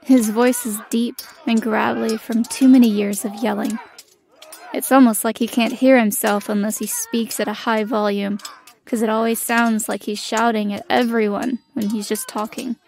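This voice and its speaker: Young female elf soldier narrating her own story in an audio drama, played by a young woman: bitter, defiant, flat delivery. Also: fairly high pitch, moderate pace, gravelly. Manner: bitter, defiant inner monologue.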